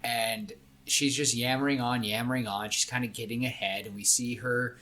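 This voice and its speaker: A young man co-hosting a podcast, rambling excitedly as he pitches a story idea and acts out the characters' lines. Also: normal speed. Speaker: podcast co-host. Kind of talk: casual brainstorming chat.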